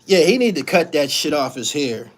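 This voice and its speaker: A man's voice: fairly high pitch, big pitch swings, normal speed. A middle-aged man hosting a casual live stream, ranting bluntly and profanely with lots of energy.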